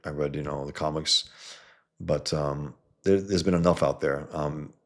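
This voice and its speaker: Gravelly deep-voiced man, blunt and rambling. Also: fairly even intonation, measured pace. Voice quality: gravelly, husky low voice. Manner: blunt, scornful, lots of filler and restarts. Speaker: comic book creator and video host. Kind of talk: casual rambling talk to viewers.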